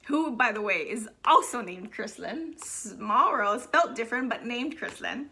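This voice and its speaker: A woman's voice: a little high, bright, forceful tone. A middle-aged woman chatting casually to her viewers as a vlogger, telling a story with lots of quoted voices. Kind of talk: casual chat.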